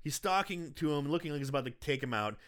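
A man co-hosting a casual podcast, retelling a movie plot with animated energy and acting out the characters' lines. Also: on the high side, fast talker. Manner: animated storyteller, acts out characters in shifting voices. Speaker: podcast co-host. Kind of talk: casual movie recap chat.

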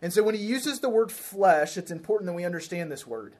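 Man, pastor, sermon, conversational, repeats key phrases, asks the congregation questions, slightly high voice. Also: animated, brisk, darkish tone. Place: church.

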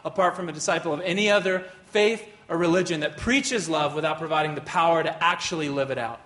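A man with a slightly high voice leads a faith teaching talk, telling a personal story. He speaks earnestly and loosely, full of fillers and restarts. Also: fast, bright, forceful tone.

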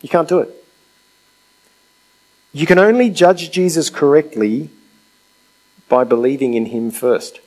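A man's voice: fairly high pitch, a little slow, long pauses, a little mellow, rough recording. A man preaching a sermon in a conversational way, asking rhetorical questions and acting out quotes.

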